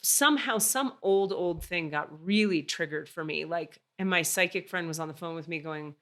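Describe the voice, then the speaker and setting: A woman hosting a podcast, telling a story in casual chat, animated and swearing freely. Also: fairly low pitch, moderate pace. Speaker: podcast host.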